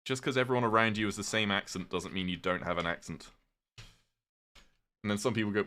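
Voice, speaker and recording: A British man casually chatting with his viewers on a livestream, reading chat aloud, swearing freely and reacting with sudden loud outbursts. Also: fairly low pitch, a little fast, long pauses. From Britain.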